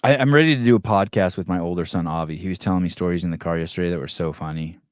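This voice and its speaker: A middle-aged podcast host with a low, deep voice talks very fast in a casual show. He tells animated stories full of voiced quotes, joking crudely and swearing freely. The audio is dry and close, without room echo.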